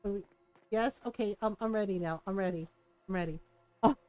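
A woman's voice: medium pitch, brisk, a little mellow, faint music behind. A woman streaming a game live, bubbly and giggly, rambling and joking at her own expense. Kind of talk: live gameplay commentary.

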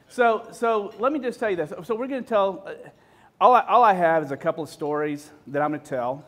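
A man's voice: high-pitched, animated, brisk, a bit bright. Self-deprecating man in his fifties. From Texas. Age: 50s. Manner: self-deprecating, joking, full of restarts and quoted dialogue. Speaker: speaker. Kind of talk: storytelling talk to an audience.

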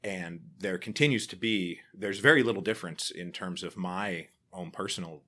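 A man's voice: sits low, normal speed, sharp tone. A man guesting on an interview show, chatting casually and telling stories in a wry, rambling way. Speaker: podcaster guest.

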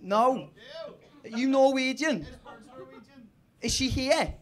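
A man's voice: very high-pitched, animated, takes it slowly. A young man doing a crude, rambling stand-up story on a comedy club stage. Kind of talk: stand-up set. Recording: live club crowd laughter. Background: audience laughing.

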